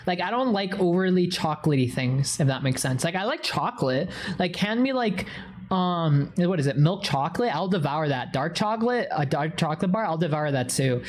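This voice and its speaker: A woman's voice: deep voice, animated, fairly quick. A young woman streaming live, chatting casually and telling a story with a lot of swearing.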